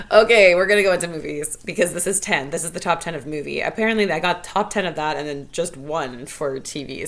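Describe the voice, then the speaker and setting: Woman with a low voice just thinking out loud on her own show, heartfelt, sincere. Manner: earnest, heartfelt, thinking aloud. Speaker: podcast host. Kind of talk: solo reflective monologue.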